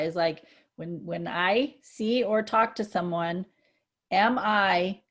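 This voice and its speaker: A woman co-hosting a casual spiritual chat, earnest and reflective, growing excited when she gives examples. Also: on the low side. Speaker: co-host.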